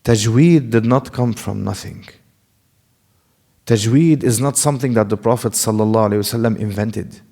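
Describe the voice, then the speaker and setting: A man teaching Quran recitation in a class lecture. He asks questions and answers them himself, and he demonstrates Arabic sounds slowly and step by step. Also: lowish voice, vocal fry, mellow.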